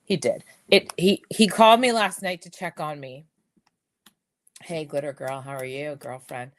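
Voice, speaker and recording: A middle-aged woman hosts a casual jewelry live stream. Her voice sits a little low, and she talks in a chatty, rambling way full of "um" and restarts. A slight whistle slips through her speech from a missing tooth. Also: unhurried. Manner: chatty, animated storytelling with frequent fillers and repeats.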